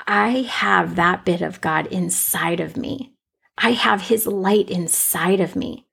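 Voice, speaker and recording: Podcast host, woman, husky with some gravel, unscripted faith talk, emphatic repeats. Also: mid-range voice. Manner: off-the-cuff, conversational, emphatic repetition.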